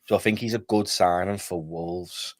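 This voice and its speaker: A man's voice: sits low, fairly even intonation, moderate pace, no echo, clean studio sound. A man speaking as a guest on a football chat stream, thinking aloud and hedging with "I feel like".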